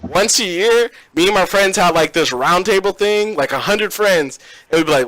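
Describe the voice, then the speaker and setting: Bright, slangy young man hosting. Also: high voice, animated, moderate pace, no room sound, low-quality recording. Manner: loose, joking, slangy storytelling. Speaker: podcast host. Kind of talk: casual gaming podcast chat.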